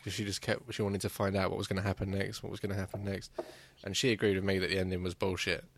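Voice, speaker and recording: A man's voice: low-pitched, little pitch movement, quick pace, a little hiss or hum. A man chatting casually about video games, rambling with many fillers and restarts. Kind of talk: casual gaming chat.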